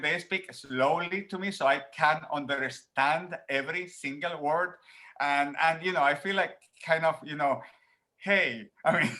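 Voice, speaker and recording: Guy, prof in an interview, kinda high bright voice, laughs a lot and repeats himself. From Puerto Rico. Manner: animated, laughs often, repeats words while thinking. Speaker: professor guest. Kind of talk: conversational interview answer. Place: at home.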